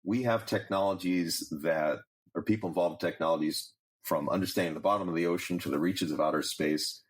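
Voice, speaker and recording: A man who heads a large technical organization, giving measured, explanatory interview answers and listing examples. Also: deep voice. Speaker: guest, president of a technical professional organization.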